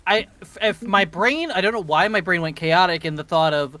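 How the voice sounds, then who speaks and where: A man's voice: high-pitched, normal speed, pushed and bright, dry recording. A man playing a tabletop game, hesitant and thinking aloud as he plans his move. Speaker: player. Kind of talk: casual tabletop play.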